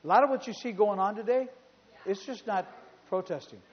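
A male pastor preaching a sermon in a church, telling stories in an animated way and repeating phrases for emphasis. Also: sits high, fairly quick. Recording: reverberant hall, dull sound.

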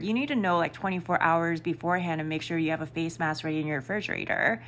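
Low-voiced woman gossiping through a book recap, loose and slangy. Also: fairly bright tone, slight background noise. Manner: chatty, slangy, peppered with "like" and swearing. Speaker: book reviewer.

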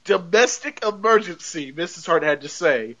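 A man's voice: high voice, expressive, moderate pace, bright, forceful tone. A man hosting a podcast, retelling a TV episode in a rambling, casual way and laughing often as he talks. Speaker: podcast host. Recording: dull lo-fi podcast audio.

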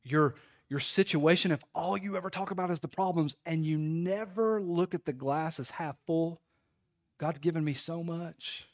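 Man, 30s, lively church pastor, slightly high voice, calls on the room for amens. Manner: folksy, animated preaching with call-and-response. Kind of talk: sermon. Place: church sanctuary.

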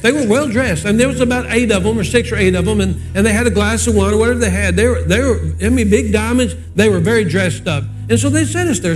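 Older male pastor, 60s, high-pitched and homespun, preaching over soft music. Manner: folksy, conversational storytelling. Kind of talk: sermon with storytelling and prayer.

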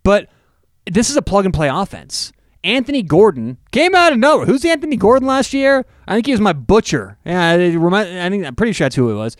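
Smooth-voiced man breaking down football. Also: sits high, sing-song, a little fast, dry recording, clean studio sound. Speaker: sports show co-host. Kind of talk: casual sports analysis chat.

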